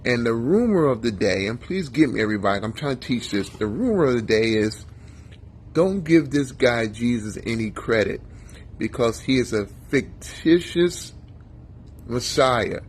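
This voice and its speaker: A man's voice: medium pitch, lively intonation, moderate pace, slight background noise. A male pastor giving a conversational sermon in a folksy, chatty manner, talking to his listeners by name.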